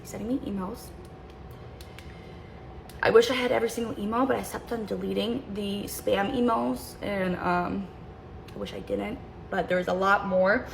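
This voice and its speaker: A woman's voice: mid-range voice, gravelly, fairly bright tone, a little hiss or hum, rough recording. A young adult woman telling a personal story in a casual storytime, rambling and cutting herself off to jump between tangents. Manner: rambling, self-interrupting, jumps between tangents.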